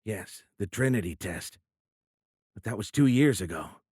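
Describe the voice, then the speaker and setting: A man's voice: lowish voice, lively intonation, measured pace, darkish tone, breathy edge, dry recording, studio quality, heavily acted. A man voicing a captive former fighter pilot in an audiobook, asking tense, urgent questions. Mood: shaken. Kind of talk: audiobook character voice.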